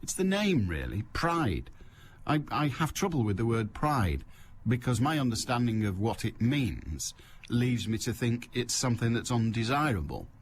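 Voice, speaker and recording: A man's voice: medium pitch, very animated, moderate pace, a little hiss or hum. A man hosting a call-in radio show, chatting in a wry, rambling way full of joking asides. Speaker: radio phone-in host.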